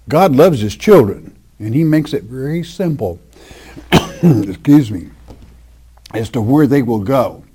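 A man's voice: a little high, warm tone. An older man preaching a sermon, reading scripture aloud and stressing points emphatically. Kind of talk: sermon, Bible teaching.

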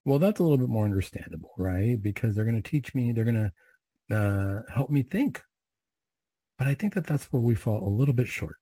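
Guy reciting prayers then preaching, husky voice, dry close sound. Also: mid-range voice, expressive, fairly quick, warm tone, no room sound. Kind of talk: prayer and homily.

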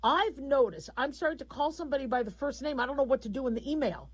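A woman's voice: high voice, lively intonation, quick pace, breathy edge, rough recording. A middle-aged woman hosting a radio call-in show, talking frankly in a rambling, conversational monologue.

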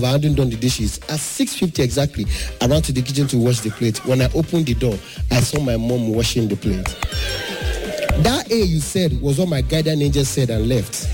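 A man doing an animated stand-up comedy set, slipping into pidgin and acting out the characters in his stories. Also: medium pitch. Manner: animated, acts out mothers and airline staff in pidgin.

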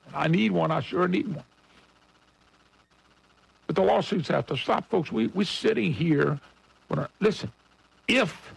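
A man's voice: on the high side, vocal fry, breathy edge, low-quality recording. A middle-aged man hosting a radio talk show, talking in a blunt, folksy and combative way and calling his listeners folks. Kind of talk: opinionated radio monologue.

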